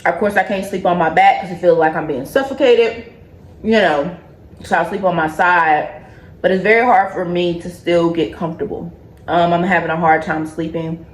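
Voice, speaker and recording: A woman's voice: fairly low pitch, steady tone, normal speed. A young woman in a casual pregnancy update vlog, chatty and loose, joking and laughing between her points. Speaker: vlogger. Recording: echoey room.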